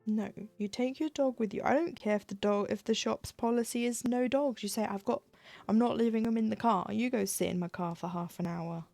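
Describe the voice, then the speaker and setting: A woman streams her cross-stitching from her desk, chatting casually, ranting, and laughing often. Her voice is a little high and a little mellow, brisk with vocal fry, with no echo and faint music in the background.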